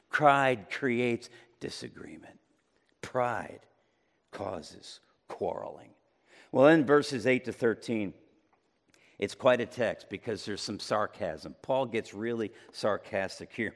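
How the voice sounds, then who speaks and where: A man preaching a sermon, swinging between loud emphatic peaks and low quiet passages. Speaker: pastor. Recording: long reverb of a large room.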